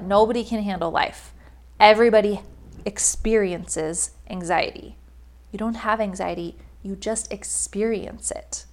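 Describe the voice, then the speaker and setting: A young adult woman, a life coach, giving a casual but emphatic motivational monologue with frequent "like" fillers. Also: mid-range voice.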